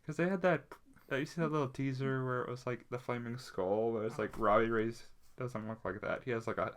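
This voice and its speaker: A man's voice: medium pitch, steady tone, a little fast. A man co-hosting a casual podcast chat, rambling with plenty of fillers and restarts. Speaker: podcast co-host.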